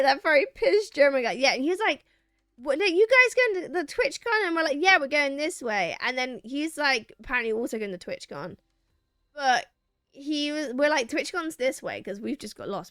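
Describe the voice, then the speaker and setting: A young woman chats to her stream, her voice bright and a touch higher than most, heard close and dry with soft music playing behind. She rambles through a story, restarting sentences and playing out what everyone said. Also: no echo. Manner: animated, acts out quoted lines, rambling restarts. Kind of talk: casual storytelling to chat.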